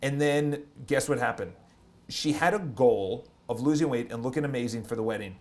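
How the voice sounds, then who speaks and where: Energetic motivational man talking to camera. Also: medium pitch, moderate pace. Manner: energetic, emphatic, punctuates points with "okay?". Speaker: real estate agent and vlogger. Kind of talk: motivational livestream talk.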